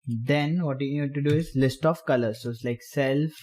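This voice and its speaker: A man explaining programming step by step while typing, in halting phrases. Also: mid-range voice, a little mellow. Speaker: programming tutor. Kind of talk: screen-recorded coding tutorial.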